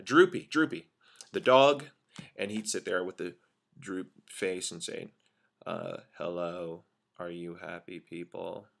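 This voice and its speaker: A middle-aged man giving a casual, animated training talk on communication, acting out stressed words to show how tone changes meaning. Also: mid-range voice.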